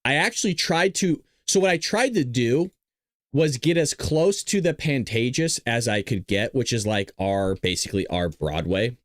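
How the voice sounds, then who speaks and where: A medium-pitched man speaks at a moderate pace in a dry, studio-quality recording. He hosts a podcast, chatting casually and rambling straight to viewers while playing his own video clips.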